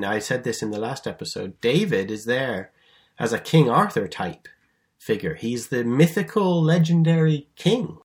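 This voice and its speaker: Male Bible teacher, mid-pitched, conversational and animated; emphatic storyteller with natural restarts. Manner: lively storytelling with emphatic stresses. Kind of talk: explanatory Bible lesson.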